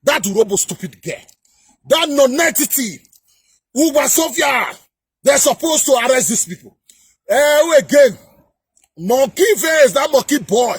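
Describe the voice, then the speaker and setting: A man with a Nigerian accent delivering a heated political rant to camera, repeating himself and often shouting. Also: very high-pitched, expressive, a little slow, long pauses, no room sound. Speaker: political commentator.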